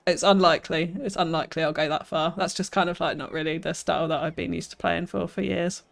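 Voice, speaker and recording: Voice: mid-range voice, steady tone, quick pace, vocal fry. A streamer, chatting through a live gameplay session, reading viewer comments aloud and answering them with self-deprecating laughs.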